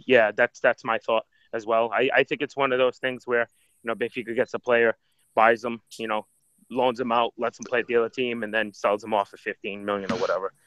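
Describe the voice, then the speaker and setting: A man's voice: medium pitch, level tone, fairly quick, fairly bright tone, no room sound. Hesitant man on a dull, dry line. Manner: hesitant, many ums and you-knows. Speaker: podcast co-host. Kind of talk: casual chat.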